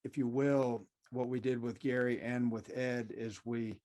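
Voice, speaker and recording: A man's voice: medium pitch, fairly even intonation, a little slow, dark tone. A man hosting an interview, asking questions politely with lots of hedging. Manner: hedging, polite, "if you will". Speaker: podcast host.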